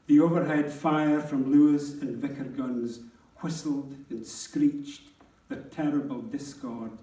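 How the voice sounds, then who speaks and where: A man reading a wartime memoir aloud at a book launch in a slow, measured and grave way. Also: medium pitch, dark tone. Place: town hall. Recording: roomy hall, distant mic.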